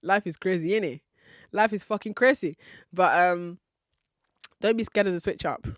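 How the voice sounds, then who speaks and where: A woman's voice: on the low side, moderate pace, dry recording, studio quality. A woman hosting a podcast, giving frank relationship advice in a candid style, swearing casually and laughing often. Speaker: podcast host.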